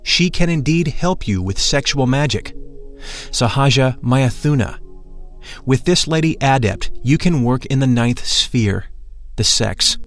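A man voicing a grave, gentle male spiritual master who speaks solemnly and measuredly. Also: medium pitch, lively intonation, a little slow, faint music behind.

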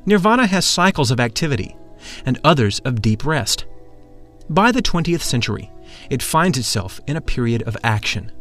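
A man giving a measured, solemn scripted narration. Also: mid-range voice, sing-song, a bit bright. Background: faint music.

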